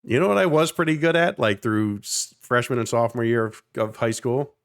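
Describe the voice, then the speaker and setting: His mid-range voice is brisk and clean as he co-hosts a podcast, a man in his thirties hailing from South Jersey, close to Philadelphia. The talk is casual, passionate and meandering, punctuated by the odd emphatic curse.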